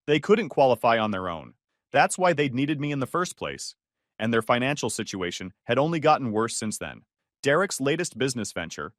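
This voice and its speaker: A man narrating a first-person story in a calm, measured, wry manner. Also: mid-range voice, dry recording, clean studio sound.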